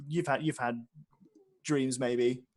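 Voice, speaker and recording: A man's voice: medium pitch, steady tone, slow. A man narrating as game master, rambling with many fillers and restarts. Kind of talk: narrating a tabletop game session.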